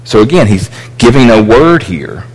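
A man's voice: mid-range voice, sing-song, moderate pace, a little mellow, breathy edge. A man teaching a sermon, explaining scripture with frequent restarts and asides. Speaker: preacher. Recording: echoey hall with long reverb.

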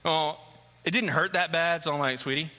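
A man in his thirties preaching a sermon, an animated storyteller who acts out the scenes as he tells them. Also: a little high, moderate pace. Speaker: pastor. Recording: long hall reverb.

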